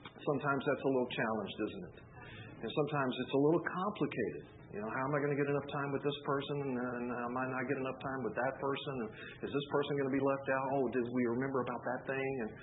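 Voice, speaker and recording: A man's voice: mid-range voice, steady tone, fast talker. A man giving a sermon as pastor, telling stories in a loose, conversational way with fillers and restarts. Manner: conversational, rambling storytelling with fillers. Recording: phone-like narrow sound, faint hiss.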